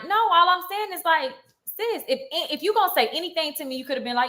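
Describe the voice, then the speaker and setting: Heated, bright-voiced young woman ranting. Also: extremely high pitch, lively intonation. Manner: heated, rapid, indignant. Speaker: vlogger. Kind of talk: ranting to camera on a live stream.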